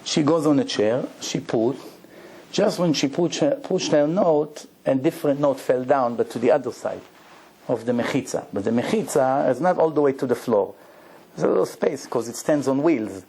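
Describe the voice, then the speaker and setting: A male rabbi telling a story in a lecture, animated and acting out the dialogue in broken English. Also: medium pitch, moderate pace, vocal fry, husky. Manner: broken, non-native-sounding English grammar.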